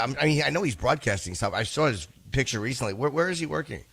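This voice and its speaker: A man's voice: mid-range voice, expressive, quick pace, gravelly, fairly bright tone, husky, no echo. A man co-hosting a radio talk show over a video call, his voice a little scratchy and smoky as he tells rambling, self-deprecating stories. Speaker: co-host. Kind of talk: casual radio banter. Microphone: remote video call.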